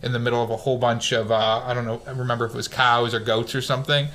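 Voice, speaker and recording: A man's voice: medium pitch, rapid-fire. A man casually recapping a war movie on a podcast, acting out the characters' lines as he goes. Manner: animated storyteller, acts out quotes.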